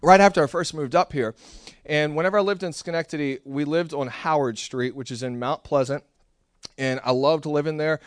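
A young pastor preaching with a high, bright-toned voice. He tells stories and acts out the dialogue with animated energy. The sound is dry and close, with no room echo. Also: moderate pace. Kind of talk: sermon.

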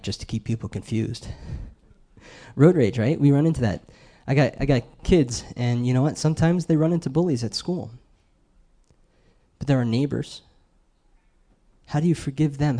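Mellow-voiced man preaching a sermon. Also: medium pitch, vocal fry. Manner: conversational, asks the crowd questions.

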